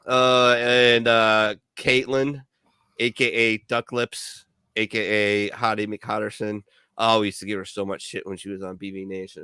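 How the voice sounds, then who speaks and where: A man's voice: medium pitch, a bit bright, smooth, no room sound, studio quality. A man from Milwaukee, a veteran co-host of a radio show, rambling through profane stories in casual chat full of fillers.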